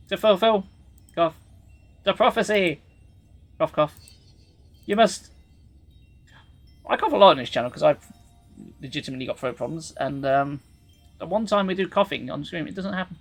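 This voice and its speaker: A streamer at a middling pitch, reading a dating game aloud live and dropping dry, sarcastic asides between lines. Faint music plays underneath. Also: lively intonation, a little fast.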